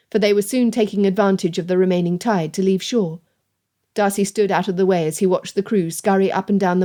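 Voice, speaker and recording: A woman reading a romance novel aloud as audiobook narrator, in a steady, measured way. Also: medium pitch. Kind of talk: scripted narration.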